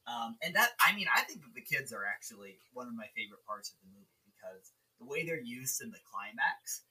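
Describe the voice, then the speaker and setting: A man's voice: medium pitch, big pitch swings, fairly quick, bright, forceful tone, far from the mic, low-quality recording. A male podcast co-host in casual, profane, jokey movie-review chat. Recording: voice slightly off-mic.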